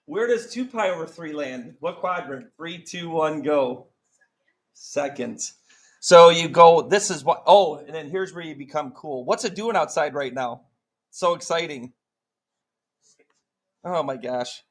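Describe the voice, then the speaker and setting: A man's voice: fairly high pitch, lively intonation, unhurried, low-quality recording. A man teaching a math class, joking around and quizzing students with countdowns. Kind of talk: classroom lesson.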